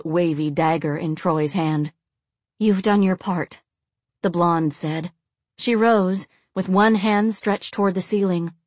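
Woman, audiobook narrator, low-pitched, steady measured reading, dry close sound. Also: no echo. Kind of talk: scripted narration.

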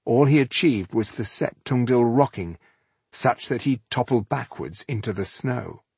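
A man narrating a fantasy novel in a steady, measured reading, with a husky voice. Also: mid-range voice, no room sound. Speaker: audiobook narrator.

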